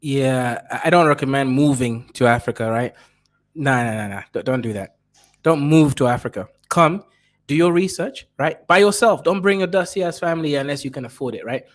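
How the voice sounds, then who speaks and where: A man's voice: medium pitch, a little fast. A man giving blunt, crude reaction commentary who keeps tagging his points with a question.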